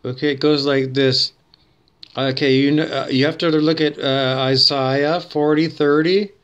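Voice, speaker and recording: A man's voice: on the high side, fairly even intonation, a little slow, a bit bright, clean tone, muffled recording. A man hosting a talk show, rambling and digressing as he thinks aloud, with many fillers and restarts. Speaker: show host. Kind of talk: rambling casual monologue.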